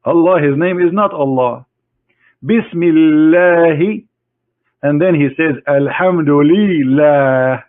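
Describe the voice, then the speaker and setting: A man giving a combative screen-share lecture in mocking, halting English as an online debater. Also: a little high. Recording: tinny phone-like online audio.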